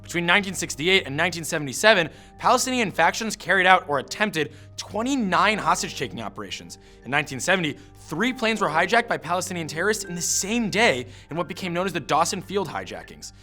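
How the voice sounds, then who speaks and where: A man narrates a scripted history explainer at a rapid clip, with a bright, forceful edge to his voice. He tells the story punchily and drops in wry asides. His voice sits a little high, over soft background music. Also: sing-song.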